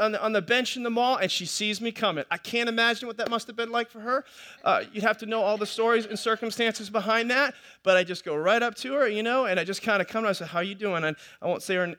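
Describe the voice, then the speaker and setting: A man's voice: high voice, fast talker, bright, forceful tone. A middle-aged male pastor preaching a sermon, telling stories in a chatty way with many restarts and repeated words. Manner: conversational storytelling, with many restarts and repetitions.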